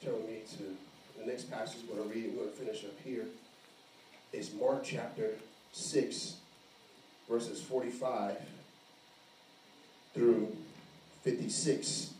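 A man preaching an animated sermon, acting out the voices of the people in his story. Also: lowish voice, slow pace, long pauses, slight background noise. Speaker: pastor. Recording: echoey room, mic at a distance.

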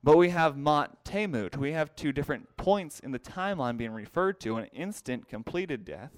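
A man teaching a Bible class, explaining word meanings slowly and repeating key phrases for emphasis. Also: fairly high pitch, animated, no room sound. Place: classroom with a whiteboard.

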